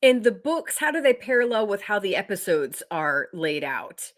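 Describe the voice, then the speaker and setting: A woman's voice: medium pitch, very animated, moderate pace. A woman hosting a casual interview, asking questions and gushing with enthusiasm. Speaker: interview host.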